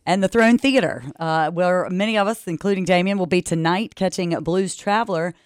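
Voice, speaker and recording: A male radio host with a smooth, resonant voice, pitched a little above average. He praises and promotes his guest with enthusiasm. The studio sound is close and dry. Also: normal speed, no room sound. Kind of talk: radio interview.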